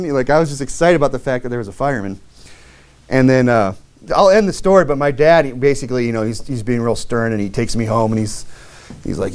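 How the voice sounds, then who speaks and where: A man's voice: medium pitch, quick pace, darkish tone. A man preaching a sermon through a long personal story, loose and conversational, with many fillers, restarts and wry self-mocking humor.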